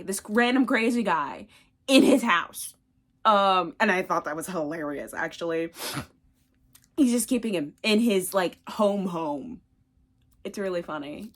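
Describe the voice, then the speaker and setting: A woman's voice: mid-range voice, fairly bright tone. Chatty rambling young woman. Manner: rambling, filler-heavy, chatty. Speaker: book reviewer. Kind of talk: casual book recap.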